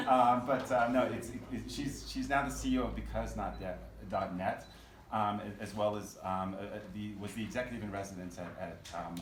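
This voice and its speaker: A man from Oregon introducing a guest speaker with a casual story, halting and full of fillers and restarts. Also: on the low side. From Oregon, USA. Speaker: event host introducing a speaker. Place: meeting room. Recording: roomy, distant, noisy room mic.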